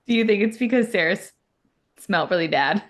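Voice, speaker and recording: A woman's voice: medium pitch, lively intonation, brisk. A woman co-hosting a podcast, riffing jokingly in casual chat about a book. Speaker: podcast co-host.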